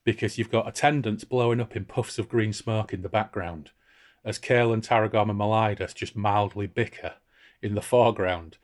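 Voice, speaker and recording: A man's voice: lowish voice, moderate pace. A man co-hosting a book podcast, reading passages aloud expressively and chatting about them casually. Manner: expressive reader, lifts voice for quoted characters. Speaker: podcast co-host reading and discussing a novel.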